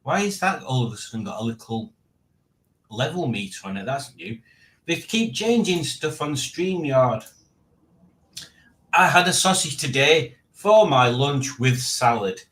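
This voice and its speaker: A man's voice: mid-range voice, animated, unhurried, fairly bright tone. A man in his late forties hosting a casual live stream, rambling and reading out chat with self-mocking asides. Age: 40s.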